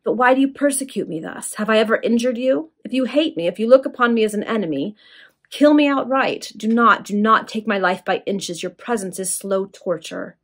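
A woman voicing a frightened, pleading young widowed noblewoman in a casual read-aloud of a Victorian serial, with a slightly husky voice. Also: mid-range voice, normal speed, hardly any pauses, bright, forceful tone. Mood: hysterical pleading. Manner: hysterical, pleading.

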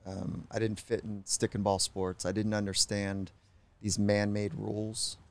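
A middle-aged man, a psychologist guest on a podcast, telling stories in a reflective, unhurried way. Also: fairly low pitch, level tone, vocal fry. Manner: reflective, unhurried, acts out quoted voices. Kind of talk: podcast interview storytelling.

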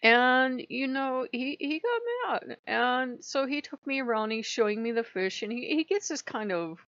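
A woman's voice: high voice, lively intonation, measured pace, fairly bright tone, no echo, dull audio. A woman hosting her own channel, telling a personal story in a frank, rambling way and swearing often. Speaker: spiritual channel host. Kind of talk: emotional personal vlog.

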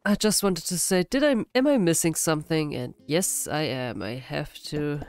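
A woman with a sick, hoarse voice, giving casual, self-deprecating commentary while playing a building game. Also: low-pitched, expressive, moderate pace, a little mellow, no echo, soft background music. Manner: self-deprecating, frequent laughs. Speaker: gaming channel host. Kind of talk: casual let's-play commentary.

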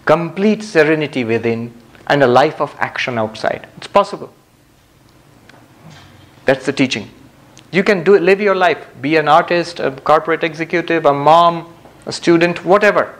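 A man gives a spiritual lecture to a live audience, his voice sitting a little high for a man. He speaks calmly and reflectively, letting long pauses settle between phrases and slipping in gentle humor. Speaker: spiritual teacher. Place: community center hall with live audience.

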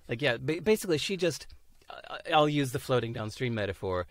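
A man in an easy podcast chat, lively and expressive, often slipping into voices for the people he quotes. His voice sits at a middle pitch. The sound is close and dry, with no room echo. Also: a little fast. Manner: animated, acts out quoted voices, laughs often. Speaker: interview guest. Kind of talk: casual podcast conversation.

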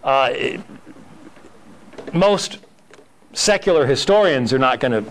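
Animated but slow, a man with a mid-range voice leads a church history class at Sunday school, heard through a rough recording. He talks loosely, restarting often and leaning on fillers, and acts out the dialogue he quotes while storytelling.

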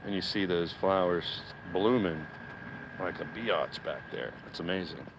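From his backyard, a man runs a laid-back gardening livestream, chatting and cursing offhandedly as he reads out the chat. His voice is low-pitched and unhurried over a noisy background.

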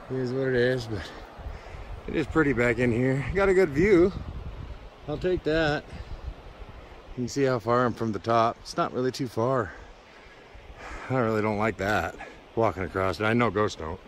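Easygoing guy rambling on a trail hike, a bit out of breath, creek noise loud behind him. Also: medium pitch, normal speed, long pauses, poor audio. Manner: rambling, laid-back, with chuckles. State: winded from hiking. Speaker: prospecting vlogger. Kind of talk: casual outdoor narration. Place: outdoors on a mountain creek trail. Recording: outdoor wind and creek noise. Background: flowing creek.

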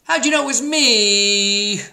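A man voicing an anxious male turkey in a storybook reading, with a high, whiny wail. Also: takes it slowly, vocal fry, pushed and bright, exaggerated voice.

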